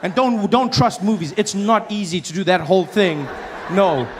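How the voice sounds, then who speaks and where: A man doing stand-up, telling a story in an animated way and jumping into loud shouts. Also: high voice, moderate pace, heavy background noise. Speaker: stand-up comedian.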